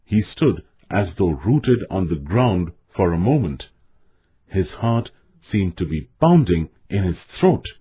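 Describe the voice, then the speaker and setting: A man narrating a children's storybook in an expressive, measured way. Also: low-pitched, husky.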